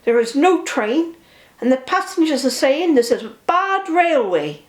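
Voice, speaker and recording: A woman's voice: sits high, sing-song, a little slow, echoey room, pitched above the performer's own voice. A woman voicing a worried, polite male station master. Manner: polite and anxious.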